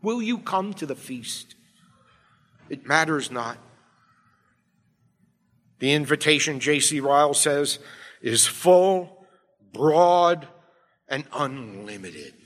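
Pastor guy preaching, bright forceful voice, big echoey church sound. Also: on the high side, animated, takes it slowly, pauses often. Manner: emphatic preaching, swings from quiet to loud. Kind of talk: sermon. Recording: long hall reverb.

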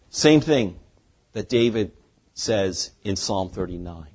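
A man preaching an expository sermon as a pastor, earnest, dropping from loud to hushed for emphasis. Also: on the low side, expressive, slow pace, husky.

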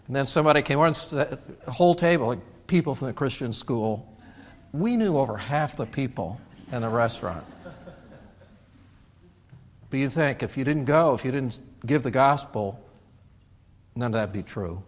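A man's voice: medium pitch, moderate pace, long pauses. A man preaching a sermon as pastor, telling folksy stories and acting out other people's lines, originally from Indiana. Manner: folksy storytelling with animated quoted voices. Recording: church sanctuary with long reverb.

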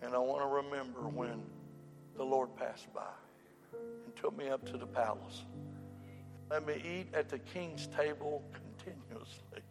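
A male preacher giving an impassioned revival sermon, swinging from loud shouts down to soft pleading. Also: mid-range voice, steady tone, measured pace, big-room sound, music in the background.

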